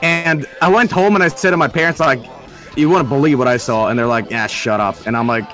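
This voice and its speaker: A man's voice: medium pitch, brisk, faint music behind. A man chatting casually on a stream and telling funny stories, swearing and laughing as he goes. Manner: animated, swears, laughs a lot. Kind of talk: casual chat, storytelling.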